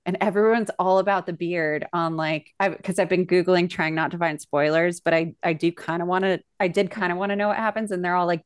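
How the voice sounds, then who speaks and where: A woman's voice: lowish voice, fairly even intonation, a little fast, smooth, no echo, clean studio sound. A young woman co-hosting a podcast, chatting in a gushy, rambling way with plenty of fillers. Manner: chatty, gushing, lots of fillers. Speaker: podcast co-host. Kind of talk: casual chat.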